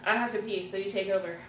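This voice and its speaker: A woman's voice: medium pitch, noisy background. A woman in her thirties from Ontario, hosting a casual livestream chat, swearing freely and reading out viewer comments. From Ontario, Canada. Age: 30s. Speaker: livestream host. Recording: roomy room, distant mic, music behind.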